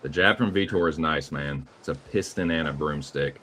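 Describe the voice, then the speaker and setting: A man's voice: rumbling low, normal speed, bright, forceful tone, slight background noise. A man with a Southern US accent calling live fight action play by play, casual and profane. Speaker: play-by-play commentator.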